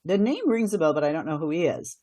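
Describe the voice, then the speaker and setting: A woman's voice: low voice, very animated, fast, dark tone. A middle-aged woman, a radio host and commentator, giving earnest answers in a podcast interview, often restarting her sentences.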